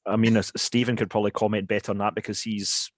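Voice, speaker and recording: A man hosting an online question session, halting and apologetic with many fillers. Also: lowish voice, little pitch movement, dry recording. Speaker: event host. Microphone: video call.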